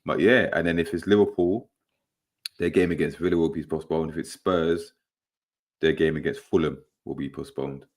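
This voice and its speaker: A young man with a very deep voice hosts a casual football podcast, speaking at normal speed with fairly even intonation. He tells stories in a relaxed way, laughing as he goes.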